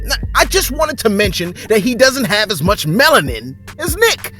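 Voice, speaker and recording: A woman's voice: on the high side, big pitch swings, normal speed, sharp tone, faint music behind. A woman hosting a celebrity gossip show, delivering sarcastic commentary with sing-song, mocking asides.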